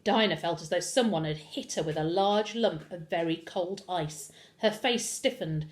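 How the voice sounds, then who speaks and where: A woman's voice: lowish voice, normal speed. A woman teacher, reading a children's book aloud expressively. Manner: expressive storyteller. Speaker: primary school teacher.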